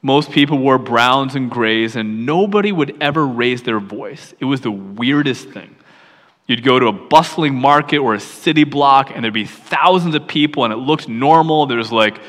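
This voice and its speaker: Guy preaching a story, middle-aged, goes real quiet and hushed sometimes, big hall reverb. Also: medium pitch, moderate pace. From York, Pennsylvania, USA. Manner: storytelling, drops to a hushed near-whisper at times. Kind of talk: personal story in a sermon.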